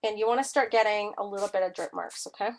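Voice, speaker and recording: A chatty woman leads a live-streamed craft demonstration from her home studio, gushing over the colors as she works. Her voice sits at an ordinary middle pitch. A faint hiss of background noise runs under the recording. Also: fast. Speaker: art class instructor.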